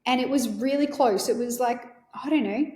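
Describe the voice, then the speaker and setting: Woman host, rather high voice, earnest rambling storyteller, roomy echo. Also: normal speed, darkish tone. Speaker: podcast host. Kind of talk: personal storytelling.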